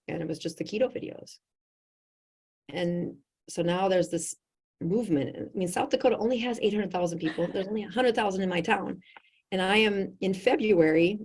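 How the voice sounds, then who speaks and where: A middle-aged woman with a husky, slightly low voice tells a story in a lively, conversational way. She laughs often and slips into the voices of the people she quotes. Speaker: physician, podcast guest.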